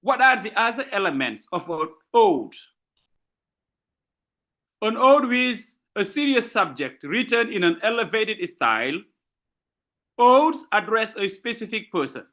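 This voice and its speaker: Slow emphatic man lecturing students. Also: high-pitched, sing-song, bright, forceful tone. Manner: repetitive, emphatic explaining, checks in with "okay?"; slow deliberate delivery with frequent rephrasing. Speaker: literature lecturer. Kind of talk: university lecture.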